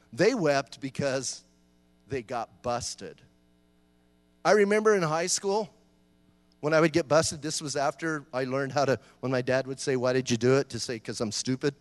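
A middle-aged man preaching a sermon in a lively, conversational way, joking and acting out voices. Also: on the high side, no room sound, long reverb tail. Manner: animated, conversational preaching with jokes and acted-out voices. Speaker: pastor.

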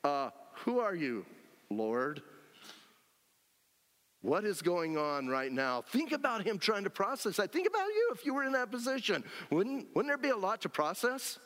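A high-pitched man preaches a sermon briskly, barely pausing, in an animated and conversational style, often checking in with his listeners. Long hall reverb colors the recording.

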